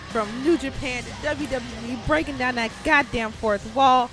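A young woman hosting a casual podcast, swearing freely and bursting into loud, excitable outbursts. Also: sits high, moderate pace, hardly any pauses, faint music behind. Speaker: podcast host.

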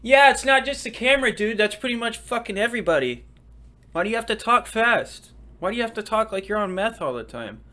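Man doing a high scolding buddy voice, loud, exasperated, mocking. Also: animated, a little fast. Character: exasperated young male friend mocking fast talk.

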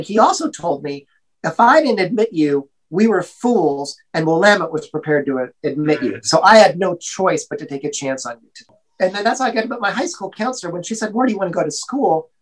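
A man's voice: on the high side, rough recording. A middle-aged man, an interview guest, telling a story in a casual way and acting out the voices of the people in it. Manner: animated, acts out quoted voices.

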